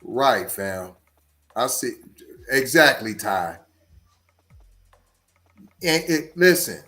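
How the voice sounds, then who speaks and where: Guy w/ doing a live podcast rant, voice jumps all over, slow drawn-out talk, faint music under it. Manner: animated, repeats words, swings between loud outbursts and low asides. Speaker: podcast host. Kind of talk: live-stream commentary, reading chat.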